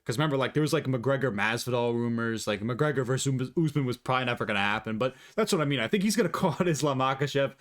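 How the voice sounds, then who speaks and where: A man's voice: mid-range voice, fast, few pauses, a bit bright. A man talking casually and profanely through his predictions, rambling and opinionated, on a desk mic. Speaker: MMA commentator vlogger.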